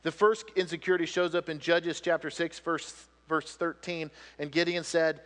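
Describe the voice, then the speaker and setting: A man preaching a sermon as pastor, swinging between loud emphatic lines and hushed ones. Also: on the high side, little pitch movement, moderate pace. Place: church sanctuary. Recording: long reverb of a church hall.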